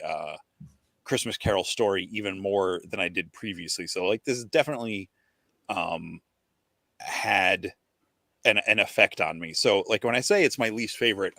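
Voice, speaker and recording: A man's voice: on the low side, sharp tone, no echo. A man hosting a casual podcast, enthusiastic but hesitant, with many ums and restarts. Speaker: podcast host. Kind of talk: casual chat about collectible toys.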